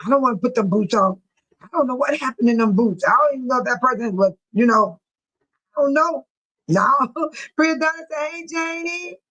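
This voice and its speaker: High-voiced woman laughing through a live stream. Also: animated, brisk, a bit bright, rough recording. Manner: laughs often, talks to viewers. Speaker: live-stream host reading viewer comments. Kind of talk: casual live-stream chat.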